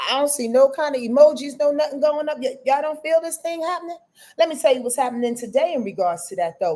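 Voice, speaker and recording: Woman astrologer, live stream chat, emphatic, swears freely, fairly high voice, mellow tone. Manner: animated, emphatic and profane, talking straight to viewers. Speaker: astrology reader and host. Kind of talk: live-stream casual talk.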